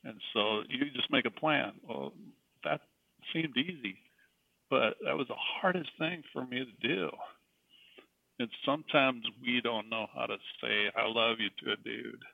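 A man's voice: medium pitch, measured pace, creaky, no room sound. A middle-aged man, a guest telling a personal faith story in an earnest, emphatic way. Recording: distant, tinny phone-like sound.

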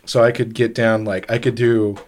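A man's voice: medium pitch, little pitch movement, normal speed, darkish tone. A man co-hosting a podcast in casual chat, rambling and restarting his sentences often. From grew up overseas. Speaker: podcast co-host.

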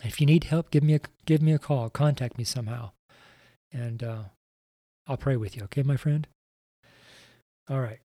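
A man's voice: medium pitch, moderate pace, long pauses, mellow, dry recording, studio quality. A man preaching on a podcast, earnest and repetitive, speaking straight to the listener. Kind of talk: evangelistic podcast sermon.

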